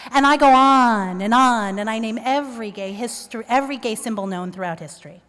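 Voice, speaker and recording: Woman storyteller, higher voice, animated and wry, live stage with long reverb. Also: fairly quick. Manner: animated, self-mocking, acts out quoted voices. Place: performance venue stage.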